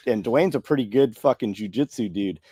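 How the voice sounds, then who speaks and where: A man's voice: mid-range voice, fairly quick, mellow, husky, no echo, studio quality. A man hosting a casual podcast, blunt and profane as he reads out viewer comments. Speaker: podcast host. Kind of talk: casual chat, reading comments.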